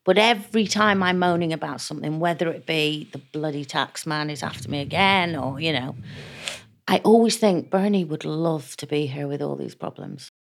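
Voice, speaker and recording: A chatty woman talks openly as an interview guest, her voice sitting a little low. She brings stories to life by slipping into the voices of the people she quotes. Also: moderate pace, creaky. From England. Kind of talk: candid interview conversation.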